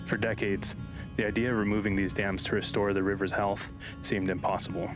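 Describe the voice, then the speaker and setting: A man giving measured, scripted documentary narration. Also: on the low side, flat delivery. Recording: narration over guitar music.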